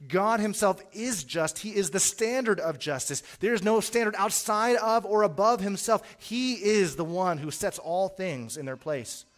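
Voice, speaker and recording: A middle-aged man preaching a sermon in an earnest way, repeating words as he starts phrases and swinging from quiet to loud. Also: sits high, normal speed, hardly any pauses.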